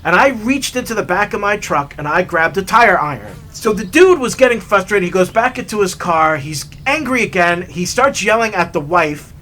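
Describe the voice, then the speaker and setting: Bright, lively man telling a story. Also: high voice, normal speed, few pauses, a little hiss or hum. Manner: animated, chatty storyteller. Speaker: hiking vlogger. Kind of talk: storytelling while hiking. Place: outdoors on a trail.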